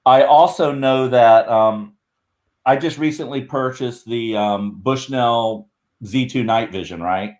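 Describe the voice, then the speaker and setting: A man's voice: medium pitch, slow, a little mellow. A man talking as a guest in a casual video-call chat, rambling and correcting himself as he tells a story. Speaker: guest, Bigfoot researcher.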